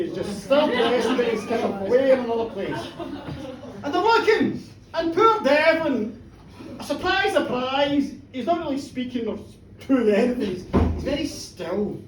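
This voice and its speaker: Animated woman telling a gory tale live. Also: sits high, slight background noise. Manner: animated, playful, acting out the tale. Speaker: storyteller. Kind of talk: live comic storytelling. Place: pub in front of an audience. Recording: roomy, distant live pub recording. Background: audience.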